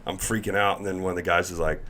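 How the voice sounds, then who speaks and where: Lively lower-voiced man telling a story. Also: fast. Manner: animated storyteller, acts out voices, laughs while talking. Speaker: former pro baseball pitcher, podcast guest. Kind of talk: casual storytelling chat.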